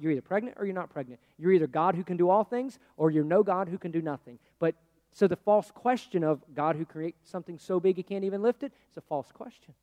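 High-voiced male preacher in an echoey hall. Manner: conversational preaching, swinging from loud to hushed. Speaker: pastor. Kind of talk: sermon.

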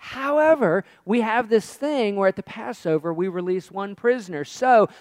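A man's voice: sits high, normal speed, dry recording, pitched above the performer's own voice, lightly acted. A man voicing a scheming Roman governor as a politician, in a casual, offhand tone.

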